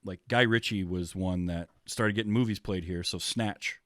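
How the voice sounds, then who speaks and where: An American man hosts a casual movie podcast in a fairly low voice. The recording is dry and close. He rambles through his thoughts with plenty of ums and restarts. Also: moderate pace, a bit bright, no echo. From United States. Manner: rambling, many ums, laughs easily. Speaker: podcast host. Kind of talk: casual chat.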